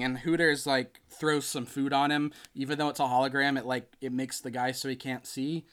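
A man hosting a podcast, chatting casually and retelling a film with lively acted-out quotes. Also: mid-range voice, moderate pace, few pauses, clean tone. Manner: animated storytelling, acts out quotes. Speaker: podcast host. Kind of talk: casual chat.

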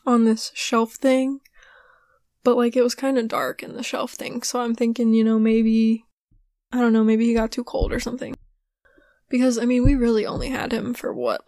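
Hoarse young woman podcast host, kinda high voice, rambly and giggly, super dry close sound. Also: darkish tone, no echo. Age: young adult. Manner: rambling, filler-heavy, giggly. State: hoarse, voice giving out. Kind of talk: casual storytelling monologue.

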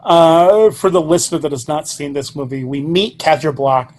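A man's voice: on the high side, normal speed, a little mellow. A man co-hosting a podcast, summarizing a film's plot and joking with mock seriousness. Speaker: podcast co-host. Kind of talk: casual movie review chat.

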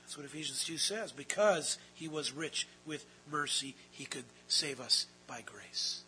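A man preaching a sermon, swinging between hushed, drawn-out phrases and loud, emphatic ones. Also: fairly high pitch, a little hiss or hum, rough recording. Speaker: pastor.

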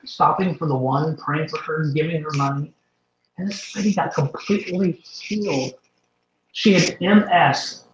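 A man, a guest, tells a faith story in an animated way, stumbling over and repeating words as he goes. His voice sits a little high for a man. It comes through a dull, echoey remote line, like a video call. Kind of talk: storytelling testimony.

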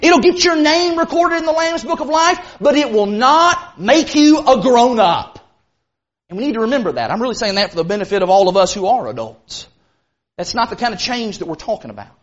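A man preaching a sermon in an earnest, emphatic way, rushing some phrases and slowing hard on others. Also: extremely high pitch, fairly bright tone, highs cut off. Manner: earnest, emphatic, with sudden bursts of speed and slow stressed phrases.

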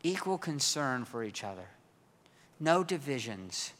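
A man's voice: mid-range voice, sing-song, a little slow, a bit bright, big-room sound. A middle-aged male pastor preaching a casual, self-deprecating sermon, often repeating his words as he talks.

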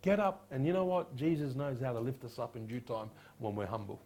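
A man preaching a sermon as a pastor, firing rhetorical questions and dropping quiet on solemn points. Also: medium pitch, animated, brisk.

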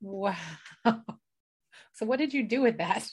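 A woman's voice: a little high, slow pace, darkish tone, husky. Encouraging woman podcast host. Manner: encouraging, with short affirmations and laughs. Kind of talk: interview listening.

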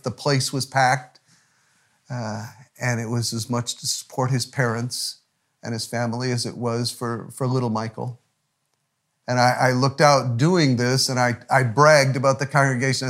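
A middle-aged man preaching a sermon as pastor, telling a story with frequent restarts and dropping to a hushed, almost whispered voice at tender moments. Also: medium pitch, fairly even intonation, unhurried.

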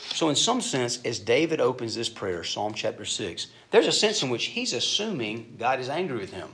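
A middle-aged man preaching a sermon, telling stories and shifting between loud emphatic bursts and soft asides. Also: mid-range voice, creaky. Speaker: pastor.

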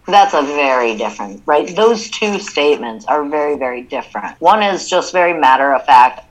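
A woman's voice: fairly low pitch, animated, moderate pace, few pauses, a bit bright, poor audio. A woman co-hosting a podcast, talking in a reflective, casual way and working through ideas with examples. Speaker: podcast co-host. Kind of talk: casual chat.

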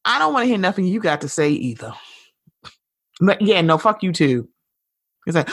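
Woman podcast host, casual and outspoken, swears freely; lively pitch, dry close-miked sound. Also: moderate pace, pauses often, husky, dry recording. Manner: animated, blunt, swears freely. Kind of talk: casual pop culture commentary.

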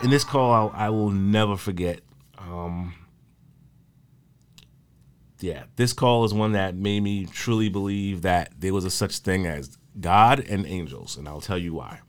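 A man with a smooth, clear voice on the low side tells old work stories from emergency medical services. He talks casually and loosely, often pausing on fillers and starting sentences over. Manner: halting, with many fillers and restarts. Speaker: EMS worker recalling his career. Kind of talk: casual spoken storytelling.

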